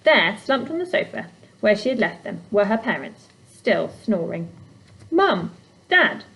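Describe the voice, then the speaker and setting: A woman narrating a children's storybook in a calm, even reading voice. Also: mid-range voice, normal speed, creaky, low-quality recording. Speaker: reader.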